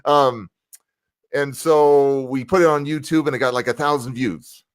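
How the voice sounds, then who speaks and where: Man, guest on a video-call livestream, upbeat, greets viewers by name, medium pitch, dry close sound. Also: fairly even intonation, measured pace, no room sound. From United States. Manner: upbeat, shouts out live viewers by name as he talks. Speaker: guest, motivational speaker and rapper. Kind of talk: casual livestream interview.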